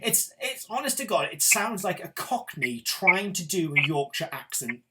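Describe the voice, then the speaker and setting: A man's voice: high-pitched, sing-song, moderate pace, noisy background. Opinionated British man reviewing films. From Britain. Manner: enthusiastic, opinionated, swears. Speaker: film show host. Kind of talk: casual film review chat.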